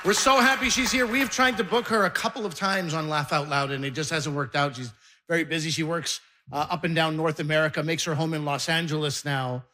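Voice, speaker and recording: A man's voice: a little high, fairly quick. A man hosting a comedy show, hyping up the audience as he brings on the next comic. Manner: hyped, loud crowd-rousing introduction. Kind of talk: introducing a comedian. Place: comedy stage before a live audience.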